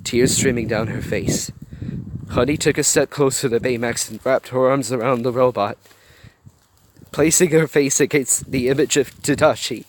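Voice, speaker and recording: A man's voice: mid-range voice, normal speed. A man reading a fan story aloud in an earnest way, with chatty asides to his viewers. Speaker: story reader. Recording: clear background noise.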